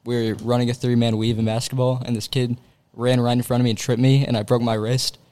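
A young man on a podcast, chatting casually, quick to chime in and chuckle, calling his friends bro and dude. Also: mid-range voice, level tone, warm tone. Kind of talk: casual chat.

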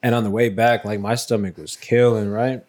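A man's voice: on the low side, flat delivery, moderate pace, darkish tone. A man in a casual chat with friends, talking in a laid-back way full of fillers.

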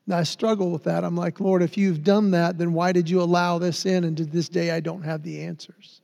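Gravelly high-voiced male preacher, hall reverb. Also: little pitch movement, fairly quick, a little mellow. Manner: earnest storytelling, dropping to near-whispers in tender moments. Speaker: pastor. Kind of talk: sermon.

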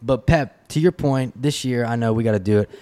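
A man hosting a podcast, telling a story in a casual, animated way and laughing often. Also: mid-range voice, fairly quick. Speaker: podcast host.

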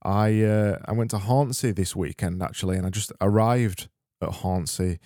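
A man's voice: lowish voice, normal speed, warm tone, no echo, studio quality. A man from Britain hosting a comedic solo podcast, rambling and sardonic as he reads listener messages. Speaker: podcast host.

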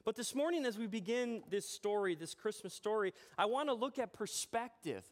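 A man preaching a sermon as pastor in a church, telling a personal story in a chatty, animated way with self-deprecating humor. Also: high voice, normal speed. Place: church sanctuary.

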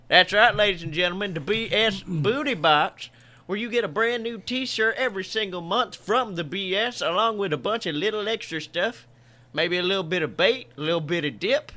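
A man voicing a folksy country fisherman who gives a drawling, showman-like sales pitch. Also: bright, forceful tone.

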